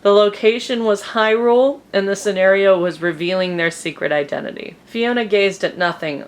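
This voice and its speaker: Woman, low-pitched, giggly, dramatic reader, comedy podcast co-host. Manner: giggly, reads with dramatic narration. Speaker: podcast co-host reading fanfiction. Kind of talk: casual comedic chat and reading aloud.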